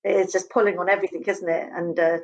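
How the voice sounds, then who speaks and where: Woman interview host, brisk and reflective, lo-fi recording. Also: fairly low pitch, little pitch movement, a little mellow. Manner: affirming, reflective. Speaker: podcast host. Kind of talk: podcast interview.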